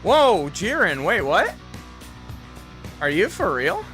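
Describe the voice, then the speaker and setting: A man's voice: high voice, huge pitch swings, takes it slowly, pushed and bright, faint music behind. A young man chatting casually on a live game stream, rambling, self-critical and swearing often.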